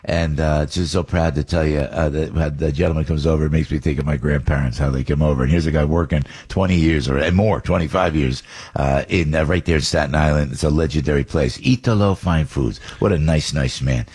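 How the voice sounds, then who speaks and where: A man hosting a morning radio show, exuberant and quick to laugh, often repeating himself. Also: very deep voice, fairly even intonation, a little mellow, slightly rough. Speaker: radio host. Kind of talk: casual radio chat. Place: radio studio.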